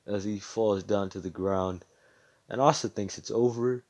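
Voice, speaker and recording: A man telling a homemade fan story in his own casual way, packed with swearing and "you know"s. His voice sits fairly low. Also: fairly even intonation, a little slow, a little mellow, dull audio. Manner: loose and slangy, full of swearing and fillers.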